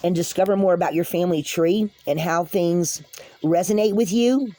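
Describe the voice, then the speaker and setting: A woman's voice: fairly low pitch, normal speed, warm tone, no room sound, rough recording. A woman giving a casual spiritual tarot reading to camera, chatty, laughing often and talking straight to her viewers. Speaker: tarot card reader.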